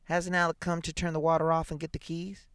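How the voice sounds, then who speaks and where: A man's voice: a little high, completely flat delivery, fairly quick, fairly bright tone, clean tone, no echo, voice pushed up. A man voicing a frightened pleading wife. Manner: pleading, gasping, anxious.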